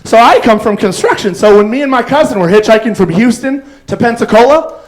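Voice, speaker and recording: Rambling stand-up comedian, high voice. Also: male voice, animated, a little fast, poor audio. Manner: rambling storytelling with fillers and acted quotes. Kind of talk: stand-up set. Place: comedy club stage.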